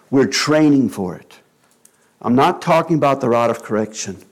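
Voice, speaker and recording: A man delivering a sermon at an unhurried, deliberate pace. His voice sits at an ordinary middle pitch. He speaks earnestly and drops into quieter asides. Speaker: preacher. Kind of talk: sermon on child-rearing.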